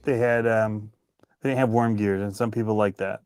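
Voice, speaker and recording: A man's voice: fairly low pitch, normal speed, smooth, no echo, clean studio sound. A man co-hosting a live hobby stream, talking casually and laughing at his own mistakes. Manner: relaxed, laughs at himself. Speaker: co-host of a hobby talk stream. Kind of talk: casual chat.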